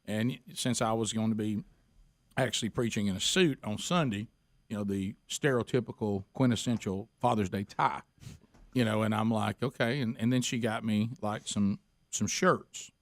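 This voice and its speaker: A man's voice: fairly low pitch, moderate pace, no echo. A man hosting a radio show, telling stories in a casual way and acting out the people in them. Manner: animated, acts out the people in his stories. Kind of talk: casual talk-radio storytelling.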